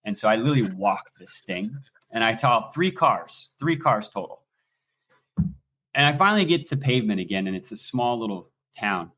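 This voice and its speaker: A somewhat low-voiced man from the United States, in his forties with an American accent, swears freely as he spins animated, casual stories at normal speed. He comes across like a podcast guest.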